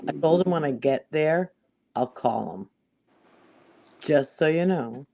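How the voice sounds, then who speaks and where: Excitable boston-accent guy, kinda higher voice, rambling on a stream. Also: slow, gravelly, slight background noise. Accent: Boston area. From Massachusetts. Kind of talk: casual banter.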